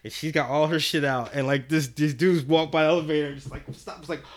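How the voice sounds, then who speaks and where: A man's voice: fairly high pitch, fast. A man telling a story on a podcast in a casual, profane way, acting out what people said. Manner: profane, animated, acts out quotes. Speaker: podcast guest.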